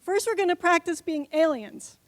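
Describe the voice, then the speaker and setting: A conference speaker with a very high-pitched voice talks at normal speed in a dry recording. During her short talk on a conference hall stage, she guides the audience through an improv exercise, coaxing them along playfully.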